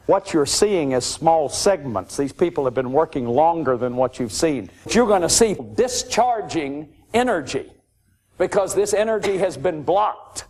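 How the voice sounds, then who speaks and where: A man's voice: high voice, darkish tone. A man giving an emphatic, repetitive lecture to an audience about emotional abuse and grief. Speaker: lecturer on addiction and recovery.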